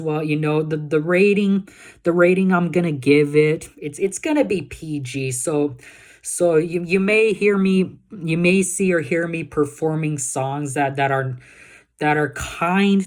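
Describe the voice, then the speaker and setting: A man's voice: fairly high pitch, lively intonation, a little slow. A young man from Texas, without a Texas accent, talking casually to his viewers in a vlog. He stumbles and repeats words often, restarts his sentences, and keeps checking in with "you know, guys?". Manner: keeps asking "you know what I'm saying, guys?". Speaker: YouTube vlogger.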